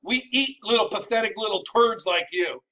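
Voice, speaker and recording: A man, an army veteran, ranting at his viewers in a combative, profane, scolding way, shouting at times. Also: high-pitched, normal speed. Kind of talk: ranting commentary to camera. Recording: dull sound from a distant mic.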